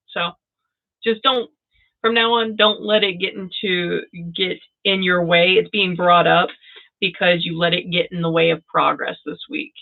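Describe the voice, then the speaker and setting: A woman gives tarot readings to viewers on a live stream, often bursting with excitement and speaking to each person by name. Her voice has a gravelly fry. The sound comes through thin and tinny, like a phone line. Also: on the low side. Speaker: tarot reader.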